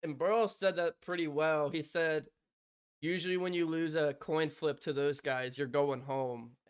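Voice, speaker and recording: A man doing live fan play-by-play on a stream. He swings from loud, shouted excitement to soft, stunned murmuring, with frequent laughter. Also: fairly high pitch, unhurried, clean tone. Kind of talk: live fan reaction commentary.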